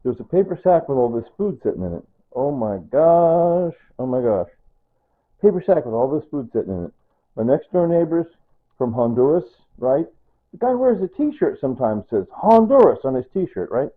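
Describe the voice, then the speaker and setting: A man's voice: medium pitch, sing-song, brisk. An older man talking in a casual personal vlog, rambling and sentimental, often repeating himself. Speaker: vlogger. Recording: tinny phone-like sound.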